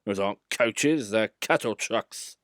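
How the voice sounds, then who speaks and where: A man's voice: lowish voice, takes it slowly, a bit bright, no echo, studio quality. A man voicing a grumpy, proud young male tank engine who talks in a sulky, haughty, complaining way.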